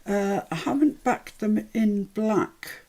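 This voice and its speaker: A woman's voice: medium pitch, takes it slowly, a little mellow. An English woman hosting a live craft tutorial, chatting and thinking aloud as she works, with self-deprecating asides. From England.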